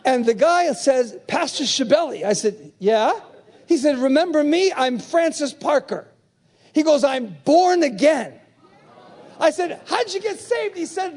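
A male pastor preaching a sermon at a church convention, shouting refrains and throwing call-and-response questions at the congregation. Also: very high-pitched, big pitch swings, a little slow.

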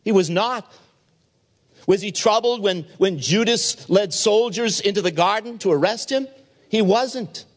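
A man preaching a sermon at an evening chapel service, acting out the people in his stories with lively changes of voice. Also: high-pitched, measured pace. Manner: expressive preaching, acts out dialogue. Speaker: pastor.

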